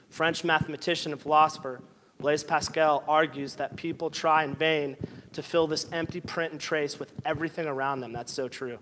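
A man's voice: on the high side, steady tone, moderate pace, fairly bright tone, slight background noise. A man preaching a sermon with impassioned delivery, building to emotional peaks and near tears. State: tearful. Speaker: pastor.

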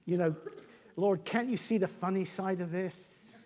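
A preacher doing stammering old Abraham. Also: male voice, high voice, measured pace, a little mellow. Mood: bemused. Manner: hesitant, stammering. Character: Abraham, a flustered elderly patriarch.

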